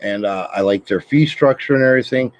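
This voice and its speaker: A man's voice: mid-range voice, fairly quick. A man chatting casually as a co-host, telling laid-back stories with a laugh. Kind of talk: casual chat. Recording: dull lo-fi sound.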